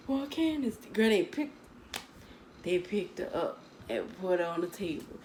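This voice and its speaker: A woman's voice: medium pitch, moderate pace, creaky, slight background noise, low-quality recording. A woman telling a story from her school days to her viewers in a chatty, dramatic way, calling them girl and baby. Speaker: storytime vlogger.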